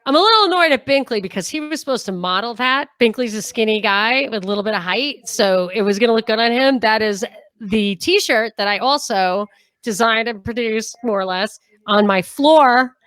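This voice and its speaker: A woman co-hosting a casual livestream chat over a home video call, chatty and quick with asides. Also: on the high side, expressive, fairly bright tone, no echo. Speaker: podcast co-host. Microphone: home video call setup.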